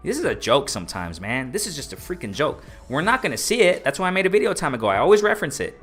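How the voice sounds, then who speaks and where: A man talks over a casual live stream, ranting with a lively voice that jumps up and down in pitch. He hammers his points home by repeating whole phrases. Faint music plays in the background. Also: a little fast. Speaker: boxing live-stream host.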